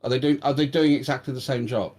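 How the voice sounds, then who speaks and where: A man's voice: medium pitch, steady tone, fast talker, darkish tone. A man in a heated online debate, blunt and pushing for a short answer. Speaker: debate panelist.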